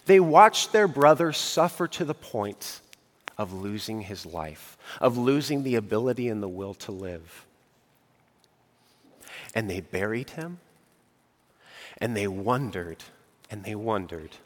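A man preaching a sermon, dramatic, dropping to a hush and then rising to emphatic outbursts. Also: mid-range voice. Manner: dramatic, swings from hushed to emphatic. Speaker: pastor. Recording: long hall reverb.

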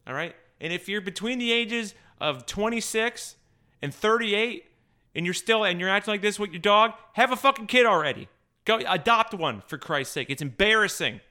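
Guy going off on a sweary sarcastic rant, tripping over his words, bright crisp voice. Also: on the high side. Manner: exasperated, sarcastic, swears constantly; stammering restarts when worked up. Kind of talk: profane comic rant.

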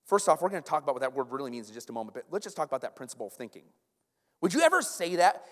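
Animated pastor in an echoing hall. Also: male voice, fairly high pitch, racing. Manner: animated, stumbling restarts and repeated words. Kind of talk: sermon. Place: church sanctuary. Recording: long church hall reverb.

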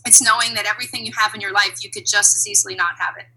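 A woman talking as an interview guest, reflective and animated, laughing now and then. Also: medium pitch, rapid-fire, slightly rough, poor audio. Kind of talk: conversational interview.

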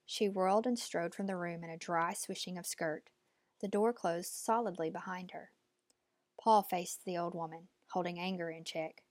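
A woman narrating an audiobook at a measured, steady pace. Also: fairly low pitch, dry recording.

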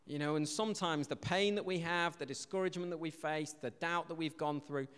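Chatty preacher in a reverberant hall. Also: male voice, a little high, a little fast, smooth. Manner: chatty, jokey, animated storytelling with shouted asides. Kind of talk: casual sermon with jokes. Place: church hall.

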